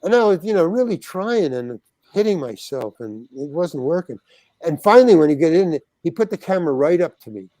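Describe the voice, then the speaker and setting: An older man, a podcast guest, telling a rambling, animated anecdote full of "you know" and acted-out voices. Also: fairly high pitch, brisk, no echo. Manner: animated, acts out other people's voices, many fillers.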